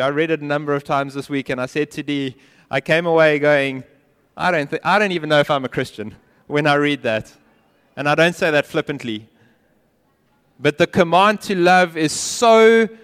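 A man preaching a sermon as pastor, earnest and emphatic, sometimes dropping to a quiet intensity. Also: on the high side. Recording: long hall reverb.

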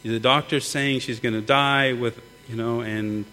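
A man's voice: medium pitch, steady tone, a little slow, bright, forceful tone. A middle-aged man preaching a sermon earnestly, often repeating words as he builds. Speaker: pastor. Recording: long hall reverb, mains hum.

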